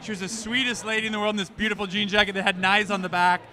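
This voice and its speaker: A man's voice: sits high, little pitch movement, racing, pushed and bright. A man co-hosting a live hockey post-game show from a bar, telling stories in an emphatic, profane way.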